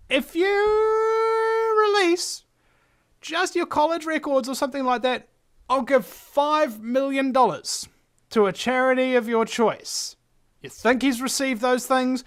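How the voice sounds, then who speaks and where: On his call-in radio show, a host with a very high, fairly bright voice rants sarcastically about his opinions in a casual way. Irreverent throughout, he peppers his talk with frequent mild swearing.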